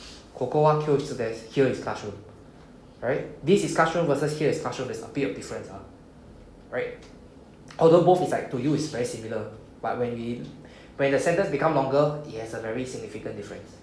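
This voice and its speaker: A man's voice: medium pitch, quick pace, a little mellow. A man with a Singaporean English accent runs a beginner Japanese lesson in a classroom. He explains patiently and keeps checking in with "okay?" and "right?". The room is echoey, with a faint hum of background noise. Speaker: Japanese language teacher.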